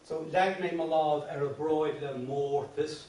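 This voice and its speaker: A man's voice: a little high, steady tone, measured pace, a little mellow, recorded from a distance, a little hiss or hum. An Irish man teaching a song workshop, explaining verse patterns patiently with many restarts and breaking into sung lines. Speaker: singing teacher. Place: classroom. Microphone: distant room mic. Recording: very echoey classroom, voice off-mic.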